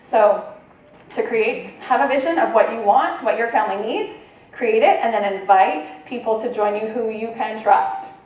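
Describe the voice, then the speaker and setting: A woman's voice: fairly high pitch, normal speed, a little mellow, muffled recording. Woman speaking in a very echoey room. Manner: conversational, checks in with the audience. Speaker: conference presenter. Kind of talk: informal talk to a live audience. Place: meeting room at a retreat. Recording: very echoey room, voice from far off, faint ambience.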